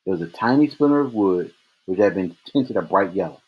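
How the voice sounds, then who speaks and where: A man reading a novel aloud in steady first-person narration. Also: low-pitched, brisk, slightly rough, dull audio. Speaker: reader.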